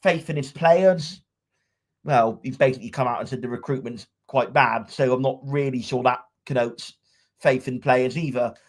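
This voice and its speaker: A man's voice: medium pitch, little pitch movement, moderate pace. Wry, rambling man on a podcast. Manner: wry, opinionated, rambling with many restarts. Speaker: podcast co-host. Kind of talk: casual podcast chat. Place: upstairs room at home.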